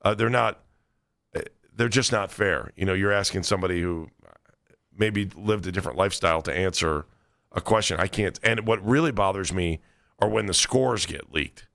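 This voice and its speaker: A man hosts a sports talk radio show with a low, gravelly voice. He talks casually and trips over his words as he goes. The studio sound is dry and close. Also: normal speed, a bit bright, no room sound. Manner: conversational, stammering restarts.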